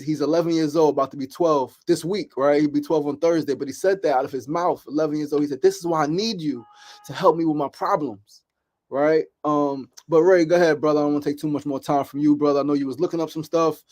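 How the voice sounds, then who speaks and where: A man's voice: a little high, a little mellow. Reassuring man hosting a discussion. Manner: reassuring, keeps asking "right?". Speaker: host.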